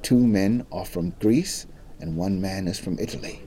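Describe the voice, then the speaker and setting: A man's voice: sits low, a little slow, dark tone. A middle-aged man working as a national park ranger, telling history as a dramatic story with varied emphasis. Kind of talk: storytelling guided talk.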